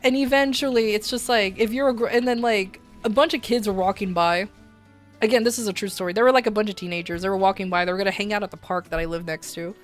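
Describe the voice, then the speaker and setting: A woman streamer chatting casually and telling a story, blunt and profane, laughing often and acting out shouted lines. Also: medium pitch, steady tone, quick pace, faint music behind. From desert region. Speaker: VTuber streamer.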